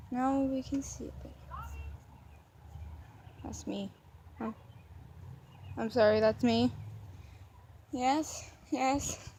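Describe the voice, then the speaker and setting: A woman's voice: a little high, unhurried, long pauses, warm tone, a little hiss or hum. A young woman rambling in a goofy, mock-dramatic way while filming her dog outdoors. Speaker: vlogger. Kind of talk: casual rambling vlog commentary.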